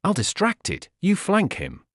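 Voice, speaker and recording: A man's voice: high-pitched, wildly swooping pitch, unhurried, no echo, studio quality, voice pushed up, heavily acted. A man voicing Iris, an irritable winged young woman who snaps and groans at her friends in a storybook reading. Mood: irritated. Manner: snappish, exasperated.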